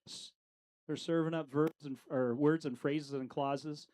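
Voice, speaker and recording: A man's voice: fairly high pitch, fairly even intonation, measured pace, darkish tone, rough recording. A middle-aged man leading a casual Bible study, talking conversationally with lots of fillers and questions to the group.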